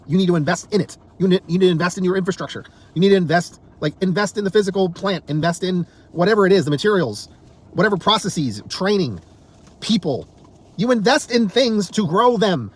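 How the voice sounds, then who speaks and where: A man's voice: high voice, fairly bright tone. A man delivering an angry, exasperated political rant to camera, swearing often and tripping over repeated words as he gets worked up. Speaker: political commentator.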